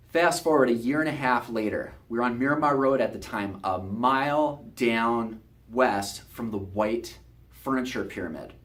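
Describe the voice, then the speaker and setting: A chiropractor shares a patient's story for a promotional video, speaking earnestly and conversationally. He has a medium-pitched voice and a moderate pace.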